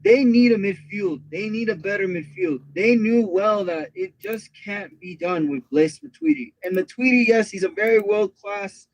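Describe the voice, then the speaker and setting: A man co-hosting a casual soccer podcast over an online call, talking straight to the listeners in an animated way. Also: high-pitched, moderate pace, few pauses, low-quality recording. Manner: animated, addresses listeners directly. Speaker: podcast co-host.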